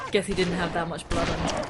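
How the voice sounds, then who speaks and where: A young woman hosting a casual let's-play, chatty and rambling, laughing often, on a PC microphone. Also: lowish voice. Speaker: gaming channel host. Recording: game gunfire and noise behind.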